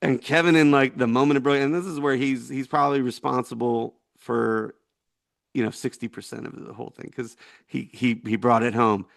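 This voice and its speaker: A man's voice: medium pitch, fairly even intonation, a little fast, vocal fry, no room sound, clean studio sound. A man in his forties, a veteran being interviewed, telling a story in a rambling, laughing way with many fillers. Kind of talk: casual storytelling.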